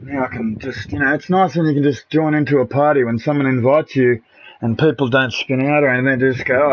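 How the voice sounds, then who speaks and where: A man's voice: mid-range voice, fairly even intonation, fairly quick. A middle-aged Australian man chatting on a live game stream, blunt and aggrieved, swearing freely and calling everyone mate and bro. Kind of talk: casual live-stream chat with party members. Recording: muffled, noisy home streaming mic.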